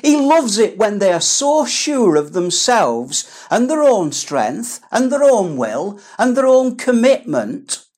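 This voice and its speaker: A woman's voice: medium pitch, very animated, slow, hardly any pauses, a little mellow. A woman preaching an earnest, emphatic sermon with pleading repetitions.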